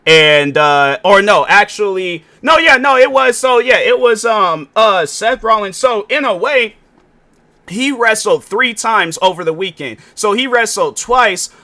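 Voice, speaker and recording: A young man sits at his podcast mic and talks through a solo episode. He rambles and corrects himself, full of fillers. His voice is bright and forward and sits a bit high for a man. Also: unhurried. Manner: rambling, animated, self-correcting with many fillers. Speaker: podcast host. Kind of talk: casual solo podcast monologue. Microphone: sitting at a podcast mic.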